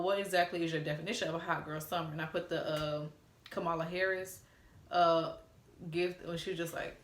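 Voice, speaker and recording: A young woman from Atlanta, telling a story casually and reading out text messages in an animated way. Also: lowish voice, echoey room. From Atlanta, USA. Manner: animated, reads out texts in a playful drawl. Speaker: storytime vlogger.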